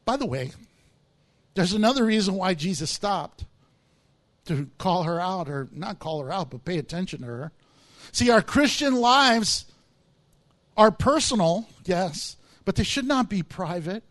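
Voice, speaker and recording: A man's voice: high-pitched, expressive, a little slow, fairly bright tone. A man preaching a sermon, explaining words from the text and acting out the voices of people in the story. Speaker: pastor.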